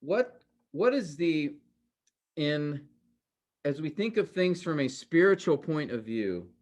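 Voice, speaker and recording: A man teaching a class in a conversational way, often pausing to quiz his students with questions. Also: on the high side, very animated, darkish tone. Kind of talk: interactive class lecture.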